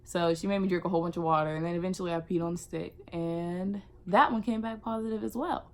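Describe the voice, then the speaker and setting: A young woman vlogger telling a casual storytime, animated and acting out what people said. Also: fairly low pitch, fast, a little hiss or hum. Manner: animated, acts out quotes.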